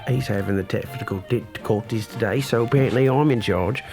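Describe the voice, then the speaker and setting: A man's voice: medium pitch, a little fast, over music, lightly acted. A man playing an Australian podcast host who rambles fretfully and hesitates a lot. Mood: nervous.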